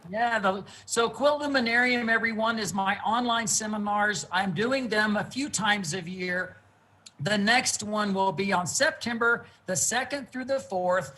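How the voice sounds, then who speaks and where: A man, a guest quilt artist, telling stories in a relaxed interview from his studio over a video call. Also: sits high, low-quality recording. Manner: earnest, unhurried storyteller. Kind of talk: casual storytelling interview.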